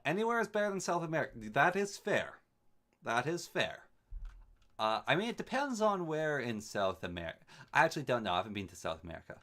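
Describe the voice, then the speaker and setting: A man's voice: fairly high pitch, sing-song, a little fast, bright, forceful tone. A man from Canada streaming a game, chatting casually and rambling with wry asides while he answers his live chat.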